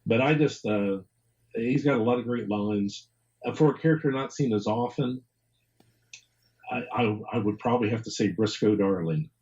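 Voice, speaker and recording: A man's voice: medium pitch, moderate pace, darkish tone, lo-fi sound. A man being interviewed as an author and historian, talking casually, rambling, repeating words and chuckling often.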